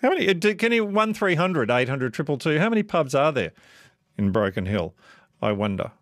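A man hosting live radio, relaxed and joking as he muses aloud. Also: a little high, fairly quick, dry recording, clean studio sound. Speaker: radio host.

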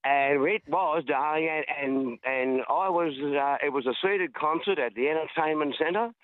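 A man's voice: on the high side, normal speed. An older Australian man calling in to a radio show, chatty and rambling as he tells a story while walking in a park. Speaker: caller. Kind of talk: casual phone-in chat. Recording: tinny phone line.

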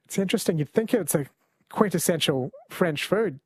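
A man hosting a late-night radio quiz, relaxed and chatty. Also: high-pitched, normal speed, slightly rough. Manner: relaxed, chatty, laughs easily. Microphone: studio mic.

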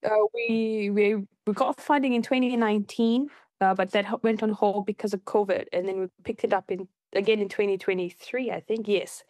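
A woman guest in an interview, telling her own story in a casual, animated way and jumping up in pitch when she quotes people. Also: moderate pace, dry recording. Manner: animated, acts out quoted voices with high pitch jumps.

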